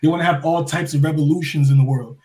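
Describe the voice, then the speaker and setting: A man from New York giving an impassioned monologue full of rhetorical questions, swinging between loud and soft as a podcast guest. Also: a little high, fairly even intonation, quick pace.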